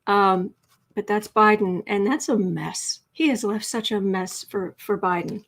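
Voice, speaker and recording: A woman hosting a live tarot stream from home, excited and teary, her voice shaky as she chats and laughs. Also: medium pitch, unhurried, background noise. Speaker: tarot reader host. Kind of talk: emotional live-stream chat.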